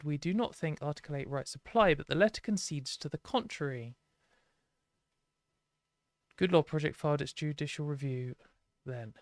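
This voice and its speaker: Chatty British woman with a smooth voice. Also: sits low, no echo, studio quality. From Britain. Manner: chatty, frank, with frequent "like" and quick laughs. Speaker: live stream host. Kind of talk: casual live stream commentary.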